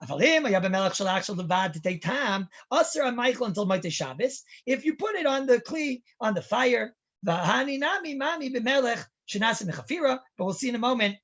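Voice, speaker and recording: Husky-voiced rabbi giving a class. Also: male voice, very high-pitched, very animated, brisk, few pauses, fairly bright tone, highs cut off. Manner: chatty, storytelling, asks rhetorical questions. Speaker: rabbi teaching a halacha class. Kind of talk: Torah class lecture.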